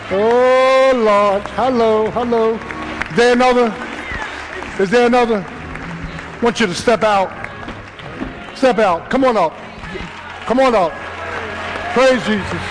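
High-voiced pastor preaching to a crowd. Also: male voice, poor audio. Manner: builds from quiet storytelling to shouted call-and-response preaching. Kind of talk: sermon and altar call. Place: church sanctuary. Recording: live church with congregation and room noise.

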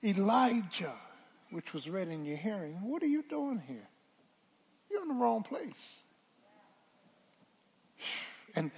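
A man pastor a sermon, swinging from hushed talk to loud calls and asking the congregation to answer back. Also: on the high side. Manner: preaching with call-and-response, swelling from hushed to loud.

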